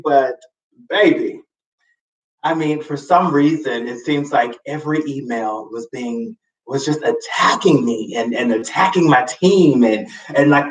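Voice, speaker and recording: A man hosting a live show, telling a personal story in a casual, expressive way with sassy asides and sudden high swoops for emphasis. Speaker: host. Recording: roomy, slightly distant mic.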